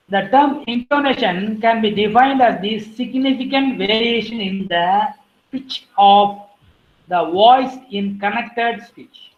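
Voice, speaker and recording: A woman giving an academic lecture, listing terms one by one and clearing her throat now and then. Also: fairly high pitch, roomy sound, lo-fi sound.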